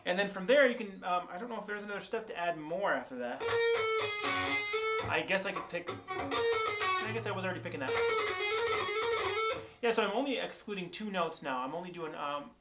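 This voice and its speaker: Guitar riffs fill the gaps as this young guitar teacher talks through picking technique in a relaxed, think-aloud way, full of fillers and restarts. He has a high, very animated voice, speaks fairly quickly, and pauses often. The sound comes from an on-camera shotgun mic.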